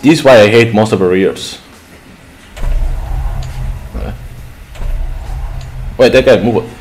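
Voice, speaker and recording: A man giving live gameplay commentary, reacting out loud and swearing. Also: on the low side, takes it slowly, slight background noise. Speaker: gamer.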